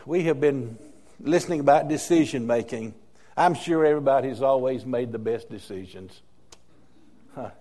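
A man's voice: mid-range voice, moderate pace, warm tone. An older man preaching a sermon as interim pastor, telling stories and repeating key phrases for emphasis.

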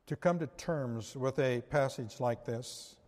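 A man preaching a sermon, speaking in a slow, measured way and then praying. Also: mid-range voice, darkish tone. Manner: slow, measured delivery, closing in prayer. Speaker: pastor. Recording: long hall reverb.

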